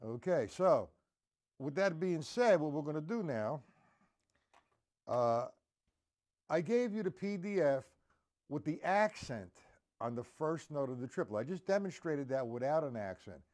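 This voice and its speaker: A man's voice: a little high, animated, measured pace, long pauses. A man teaching a live-streamed drum lesson, counting beats aloud and checking in with his viewers. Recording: drum kit playing behind voice. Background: loud drum kit.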